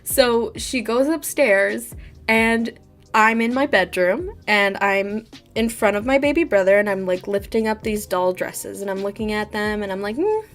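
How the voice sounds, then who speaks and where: A woman vlogger telling childhood stories in a casual, animated way, laughing often. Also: medium pitch, measured pace, soft background music. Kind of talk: casual storytime chat.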